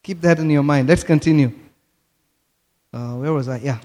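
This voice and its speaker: A man preaching a sermon, reading scripture aloud and explaining it, building to emphatic phrases and making quick asides as he checks his notes. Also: fairly high pitch, a little mellow. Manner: slow, rising to emphatic bursts on key phrases; asides while looking up words in his notes.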